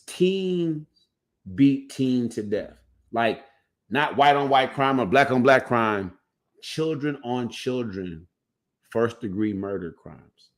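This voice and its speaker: Sounding like a coach talking informally with his viewers, a fairly low-voiced man livestreams over a computer mic. His speech is loose, with ideas trailing away and starting over mid-sentence.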